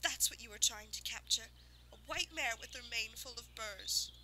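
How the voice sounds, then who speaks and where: A woman reading aloud and voicing a proud, lonely female unicorn with a regal, musing manner that turns shrill when insulted. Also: moderate pace, noisy background, lightly acted. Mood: scornful.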